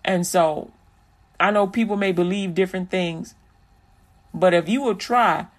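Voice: medium pitch, a little slow. Preachy, encouraging vlogger. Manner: repetitive, encouraging, sermon-like. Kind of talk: preachy inspirational commentary.

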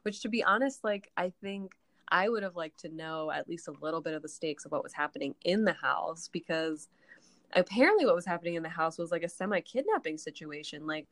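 A woman chatting on a podcast in a loose, rambling recap, peppering her story with "like" and cheerful swearing. Her voice sits a little low and is caught close and dry, with no room sound around it. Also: fairly bright tone, no room sound. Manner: rambling retelling full of "like" and frequent swearing. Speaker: podcast co-host recapping a TV episode. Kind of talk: casual chat.

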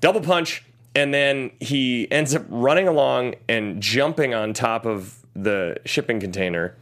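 A man's voice: medium pitch, a little slow. A man hosting a casual podcast, recapping an action movie with jokes and quoted lines. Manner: animated storyteller, jokes and quotes clips. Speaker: podcast host reviewing a movie. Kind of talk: casual chat.

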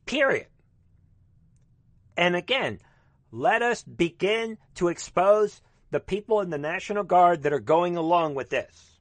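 A man with a somewhat high voice rants in a fervent monologue, rambling and calling out to his listeners again and again. His delivery is urgent and emphatic. The sound is dry, with no room echo. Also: expressive, a little slow. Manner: fervent, rambling, repeatedly addressing the audience. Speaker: commentator. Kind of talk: ranting political monologue.

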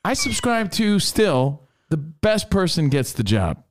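A man's voice: on the high side, sing-song, takes it slowly. A man co-hosting a casual sports talk show, laying out his opinions emphatically. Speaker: radio co-host.

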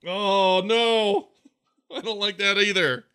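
A man's voice: high-pitched, fairly even intonation, slow, sharp tone, clear, resonant tone, no room sound, studio quality. A middle-aged man hosting a podcast, chatting casually and ranting with playful exasperation. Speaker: podcast host. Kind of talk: casual chat.

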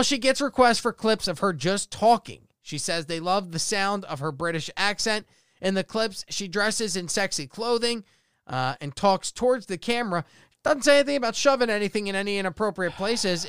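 A man with a high, smooth, resonant voice hosts a loose comedy podcast. He reads out odd news stories and laughs a lot along the way. The recording is dry, with no room sound. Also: lively intonation, moderate pace, a bit bright, no echo. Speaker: podcast host. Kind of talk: casual comedy chat.

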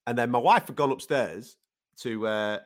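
Casual sports chat, guy, animated, swears, acts out quotes. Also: mid-range voice, moderate pace. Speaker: podcast co-host.

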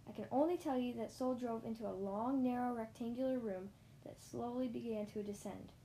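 A woman reads a children's story aloud in a lively first-person telling. Her voice sits a little high. She now and then stumbles on a word and starts it again. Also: fairly quick, a little hiss or hum. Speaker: narrator.

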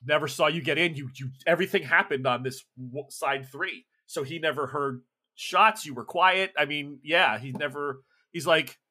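A man's voice: on the high side, normal speed, pushed and bright, husky. A man narrating a tabletop game as game master, loose and chatty with many restarts.

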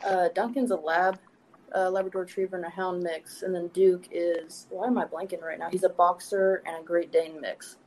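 A woman's voice: fairly low pitch, level tone, moderate pace, darkish tone, slight background noise, rough recording. A young woman from Texas with a light Texan accent, chatting casually on a podcast. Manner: chatty, laughs at herself, lots of likes. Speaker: podcast guest. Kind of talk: casual chat.

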